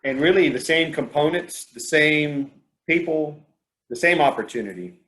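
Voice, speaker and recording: A man's voice: on the high side, animated, moderate pace, fairly bright tone. Hesitant man giving an online talk. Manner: hesitant, many fillers and restarts, storytelling. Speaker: presenter. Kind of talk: online meeting presentation.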